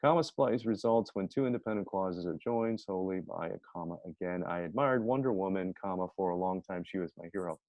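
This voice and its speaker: A man's voice: sits low, a little fast, hardly any pauses, a little mellow, no room sound. A man teaching a grammar lesson in a chatty way. He often corrects himself and reads his example sentences aloud. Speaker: writing teacher. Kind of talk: informal grammar lecture. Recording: dull dry lo-fi sound.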